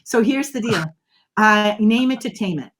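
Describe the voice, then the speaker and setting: A middle-aged woman speaks as an interview guest, her voice sitting at an ordinary pitch for a woman. She explains ideas with lively emphasis and tells stories with plenty of energy. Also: normal speed. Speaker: guest, body language expert. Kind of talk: conversational interview.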